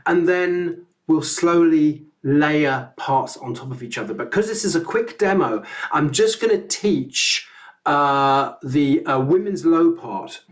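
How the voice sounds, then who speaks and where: A man's voice: on the high side, takes it slowly. A man teaching a harmony song in a live online singing lesson, explaining it step by step in a friendly way.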